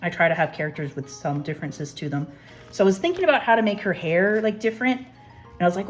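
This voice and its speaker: A woman's voice: lowish voice, fast talker, faint music behind. A young woman artist casually talking through her sketchbook pages, rambling and self-deprecating. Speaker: artist, channel host. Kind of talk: casual sketchbook tour narration.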